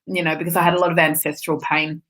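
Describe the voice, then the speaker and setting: A middle-aged woman, a spiritual teacher, telling her story in a casual interview with candid, expressive talk and the odd swear word. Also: deep voice, fast talker.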